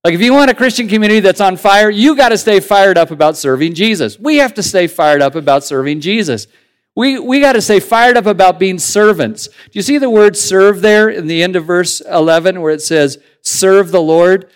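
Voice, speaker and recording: A man preaching a sermon as pastor in a conversational, animated way, building to emphatic points. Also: high-pitched, a little fast, smooth.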